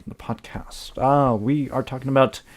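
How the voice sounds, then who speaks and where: A man's voice: medium pitch, steady tone, normal speed. Rambling gaming podcast host, a man. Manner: rambling, laughing, filler-heavy. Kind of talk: casual gaming podcast chat.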